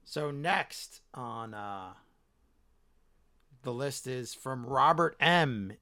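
A man's voice: mid-range voice, expressive, extremely slow, pushed and bright, no room sound. A man co-hosting a casual podcast chat, swearing casually and losing his voice. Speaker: podcast co-host.

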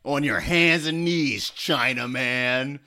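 A man playing a loud, jeering college bully. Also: medium pitch, heavily acted. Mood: taunting. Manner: jeering, drawn-out taunts. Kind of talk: comedy sketch acting.

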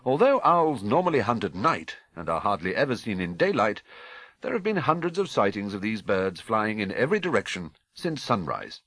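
A British man voicing a polished television newsreader with a smooth, wry broadcast delivery. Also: lowish voice, sing-song, normal speed, a bit bright, dry recording, exaggerated voice. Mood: newsy.

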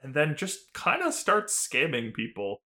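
Man, podcast co-host, bright tense voice, rambling casual recap, lots of "like". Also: fairly high pitch, wildly swooping pitch, a little slow. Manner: rambling, full of "like" and "um", laughing often. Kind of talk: casual chat recapping a TV episode.

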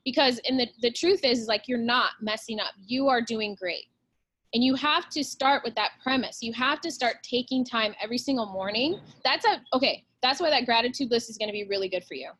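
A woman's voice: on the high side, fairly bright tone. A woman, a real estate agent talking bluntly and with plenty of swearing in a casual podcast interview. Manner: blunt and profane, fast-flowing pep talk.

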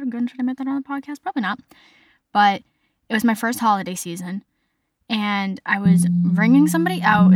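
With no echo in the recording, a young woman with a somewhat high voice hosts a podcast. Her monologue is a laid-back, lively retelling of stories, full of "like."

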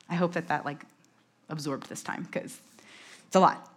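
Fast-talking New woman preaching. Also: sits low. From New York. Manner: fast-talking, animated, self-deprecating asides. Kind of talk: conversational sermon.

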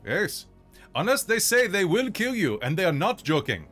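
A man's voice: very high voice, very animated, normal speed, bright, forceful tone, soft background music, voice pushed up, heavily acted. A man voicing a suave male vampire noble with a theatrical, shifting put-on accent. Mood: dry. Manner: theatrical, courtly accent that slips around.

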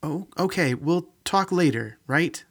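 A man's voice: lively intonation, measured pace, a bit bright, husky, exaggerated voice. A man voicing an anxious young woman working in a medical lab, in a raised, questioning voice. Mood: alarmed. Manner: raised pitch, nervous and questioning.

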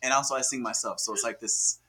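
A young man chatting casually as a podcast guest, telling animated, slang-filled stories and laughing often. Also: mid-range voice, fast talker, heavy background noise. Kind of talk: casual chat.

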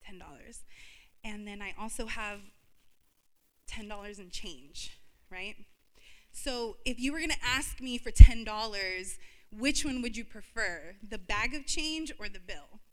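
In a reverberant hall, a woman in her thirties gives an emotional, confessional personal testimony as a church speaker, laughing through tears. Her mid-range voice is expressive and unhurried, with a darkish tone.

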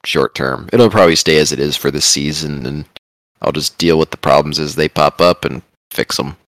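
A man with a very low voice chats casually as a podcast co-host, easygoing and quick to laugh. His voice sounds dry and close to the mic. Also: a bit bright, no room sound. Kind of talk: casual chat.

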